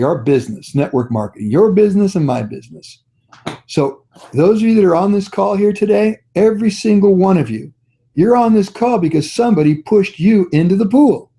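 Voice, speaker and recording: A man's voice: sits high, lively intonation, moderate pace, warm tone. A man leading a network marketing training on a call, telling stories in a folksy, upbeat, encouraging way. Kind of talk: motivational training talk on a conference call.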